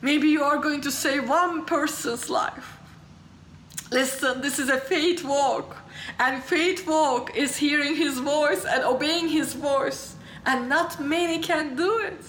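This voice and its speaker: High, bright-voiced passionate woman preacher. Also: takes it slowly, reverberant, slight background noise, low-quality recording. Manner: passionate, swings from hushed to exclaiming, laughs through tears. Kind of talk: sermon with testimony storytelling.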